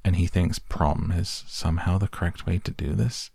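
A man with a gravelly voice reading the lines of an anxious teenage girl who babbles nervously, in an audiobook. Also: low voice, fairly even intonation, normal speed, a little mellow, no echo, clean studio sound, full character voice. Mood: nervous babbling. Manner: nervous rambling chatter.

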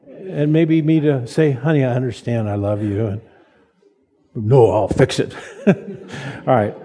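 Husky older man preaching, halting and folksy. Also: a little high, mellow. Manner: halting, repeats words, folksy and joking. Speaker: pastor. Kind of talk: sermon. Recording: long reverb of a large hall.

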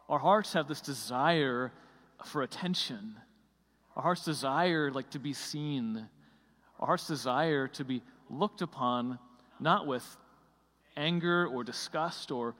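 A man's voice: mid-range voice, a bit bright, long reverb tail. A man preaching a sermon in a conversational way, full of fillers and restarts.

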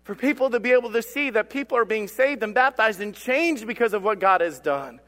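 A man preaching a sermon as lead pastor, swinging between loud declarations and quiet, low asides. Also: expressive, a little fast. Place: church sanctuary. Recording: long hall reverb.

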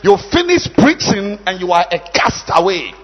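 A man, a bishop, preaching a sermon, shouting lines and leading the congregation in repeated call-and-response chants between quieter asides. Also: sits high, big pitch swings, moderate pace, in a large hall.

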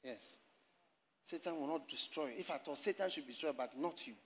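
A man preaching a sermon in a church, animated and often shouting and laughing as he addresses the congregation and online viewers. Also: on the high side, brisk. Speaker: pastor.

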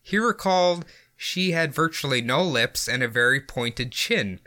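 A man's voice: medium pitch, expressive, measured pace, sharp tone. A man hosting a podcast, reading out a story in a casual way and laughing often. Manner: giggly, often laughing through his reading. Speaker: podcast host and story narrator.

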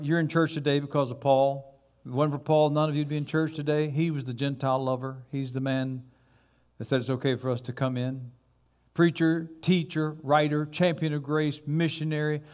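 A man's voice: fairly high pitch, little pitch movement, moderate pace. A man preaching a sermon as pastor, building dramatically to emphatic repeated words.

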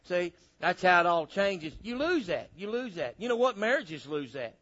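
A man preaching a sermon, animated, acting out little dialogues, on a dull lo-fi recording. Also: high voice, moderate pace. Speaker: pastor.

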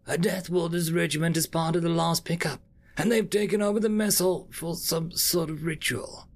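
A man playing a little blue alien secretary, male, anxious, stammering, high-pitched, gravelly. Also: steady tone, normal speed. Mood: nervous.

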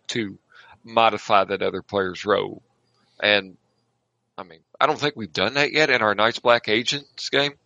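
A man's voice: fairly low pitch, bright, forceful tone, no echo, low-quality recording. A man co-hosting a casual tabletop gaming discussion, rambling along with frequent filler phrases.

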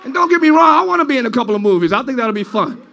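Man preaching in church, very high voice, shouting then hushed, sermon to a congregation. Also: very animated, racing, vocal fry. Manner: preaching, swings from shouting to quiet intimate talk. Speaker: pastor.

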